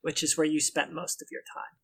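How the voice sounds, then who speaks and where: Gravelly game master narrating. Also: male voice, fairly high pitch, a little fast. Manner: descriptive, relaxed narration.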